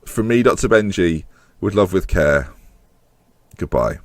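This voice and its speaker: Animated young Englishman commentating a game. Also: low voice, a little slow, no room sound. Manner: animated, swearing, pleading with the screen. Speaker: gaming YouTuber. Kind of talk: gameplay commentary.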